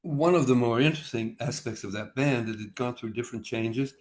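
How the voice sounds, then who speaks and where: A man's voice: medium pitch, fairly quick, a little hiss or hum. Older man telling stories. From Australia. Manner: rambling anecdotal, acts out dialogue with shifting voices. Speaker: musician guest. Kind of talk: casual interview storytelling. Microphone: video call.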